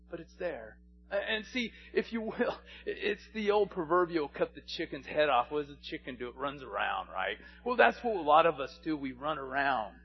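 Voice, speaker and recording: A man's voice: on the high side, slightly rough, lo-fi sound. A man, a pastor, preaching a sermon and telling stories, at times rising to passionate pleading. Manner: storytelling, rising to impassioned pleading.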